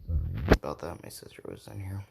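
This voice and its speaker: Man, deep voice, gravelly fry, rambling improvised fan story, swears, keeps saying right. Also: lively intonation, a little fast, very noisy. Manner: rambling, loses his place, swears, frequent "right?" tags.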